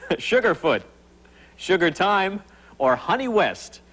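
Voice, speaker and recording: A man's voice: high voice, very animated, breathy edge, rough recording. A man hosting a TV game show in a studio, upbeat and jokey, bantering with contestants. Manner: jokey, bantering, quick to laugh. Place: TV studio with live audience. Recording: 1980s TV broadcast, loud audience noise. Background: studio audience.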